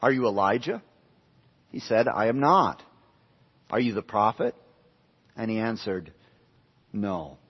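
Husky preacher in an echoing hall. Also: male voice, on the low side, animated, measured pace, long pauses. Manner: emphatic, repeats phrases for stress. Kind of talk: expository sermon. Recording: dull lo-fi sound with long hall reverb.

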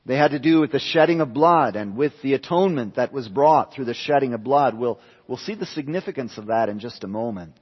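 A man's voice: medium pitch, lively intonation, brisk, hardly any pauses, husky. A man preaching an expository sermon, emphatic, repeating key phrases for stress. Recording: dull lo-fi sound with long hall reverb.

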